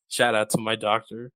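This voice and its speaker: A male podcast host talks in a loose, rambling way, tossing in jokes and plenty of fillers. His voice sits at an ordinary middle pitch. The sound is dry and close, with no room echo. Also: a bit bright. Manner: rambling, jokey, lots of fillers. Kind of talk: casual chat.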